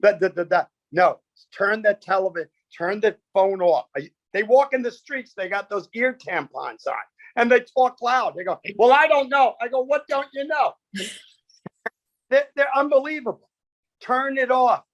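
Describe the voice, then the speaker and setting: A man's voice: high-pitched, animated, moderate pace, no room sound, muffled recording. A man, a comedian guest, telling stories with punchy quoted bits and lots of animation.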